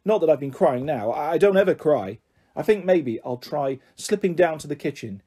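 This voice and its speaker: A man reading a children's story aloud in the first person, telling it expressively. His voice is a little high yet mellow and soft, with a slightly husky, breathy edge. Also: animated, normal speed.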